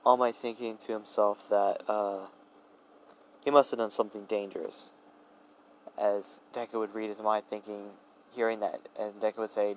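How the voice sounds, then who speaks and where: A man's voice: on the low side, level tone, normal speed, slight background noise, rough recording. A young man improvising a fan-fiction story, rambling with fillers and restarts.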